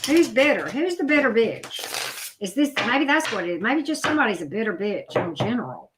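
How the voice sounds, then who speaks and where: A woman's voice: fairly high pitch, very animated, moderate pace, heavy background noise. A middle-aged woman doing a live tarot reading, chatty and blunt, talking straight to her viewers. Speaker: tarot reader. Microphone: video camera.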